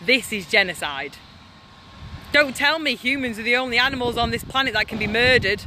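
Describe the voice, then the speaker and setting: A woman's voice: a little high, fast talker, noisy background. A woman activist delivering an angry, impassioned vlog monologue outdoors by a slaughterhouse in the hail and rain. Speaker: animal rights activist.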